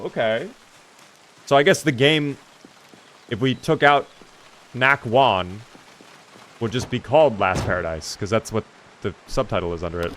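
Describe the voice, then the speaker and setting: A man's voice: mid-range voice, a bit bright. Guy streaming a game, chatting w his chat, swears a bit, mid voice. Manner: chatty, reads and answers chat, swears casually. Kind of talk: casual live-stream chat while gaming.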